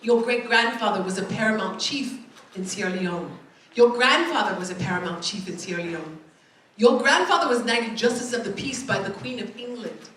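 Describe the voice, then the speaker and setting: A woman's voice: mid-range voice, animated, normal speed, a bit bright, slight background noise, natural voice. A woman doing a jubilant laughing uncle. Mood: overjoyed. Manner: exclaiming, laughing through words. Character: overjoyed male uncle, booming and laughing. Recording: echoey hall from far off.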